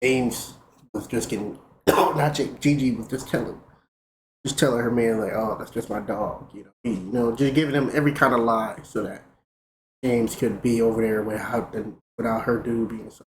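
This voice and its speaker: A man's voice: mid-range voice, moderate pace. Profane young man telling a story. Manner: profane, animated retelling. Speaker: streamer. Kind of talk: casual storytelling. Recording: roomy with faint noise.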